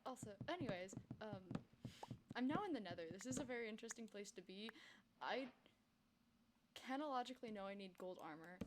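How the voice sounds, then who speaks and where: A woman's voice: mid-range voice, heavy background noise. A young woman casually commenting on her own game play on a livestream, chatty and giggly, talking to herself and her chat. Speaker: streamer playing a block-building game.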